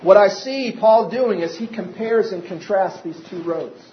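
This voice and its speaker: A man preaches in a high, light voice, pressing his points with repeated questions. The sound is roomy and a little muffled, like a lo-fi recording made in a church sanctuary. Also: measured pace, slight background noise. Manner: preaching with rising emphasis and repeated rhetorical questions. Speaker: pastor. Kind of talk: sermon.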